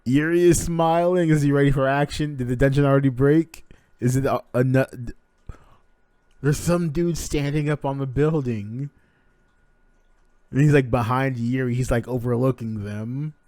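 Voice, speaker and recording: A man hosting a live manga reaction, reading the chapter aloud with excitable commentary and frequent swearing. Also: medium pitch, normal speed, no echo. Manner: excitable, swears freely, laughs at himself.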